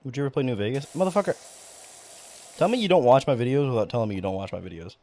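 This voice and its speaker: A man's voice: mid-range voice, lively intonation, very fast, warm tone, slight background noise. A young man live-streaming a game, rambling and swearing casually as he banters with his chat in mock outrage. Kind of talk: casual live-stream commentary while gaming.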